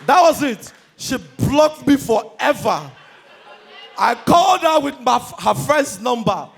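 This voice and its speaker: A Nigerian man doing stand-up comedy, energetic and shouting his punchlines. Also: extremely high pitch, a little slow, vocal fry, breathy edge, a faint crowd.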